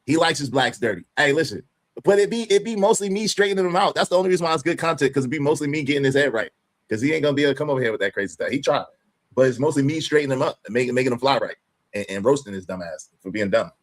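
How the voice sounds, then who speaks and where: A man hosting a live stream, reacting to a clip with loud, mocking commentary. He laughs often and repeats phrases for emphasis. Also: medium pitch, lively intonation, very fast. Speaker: livestream host.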